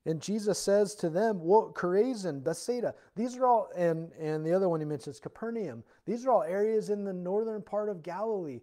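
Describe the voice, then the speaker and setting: A man pastor giving a verse-by-verse Bible teaching in church, earnest and explanatory, rising loud when reading scripture aloud. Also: sits high, fairly quick, hardly any pauses.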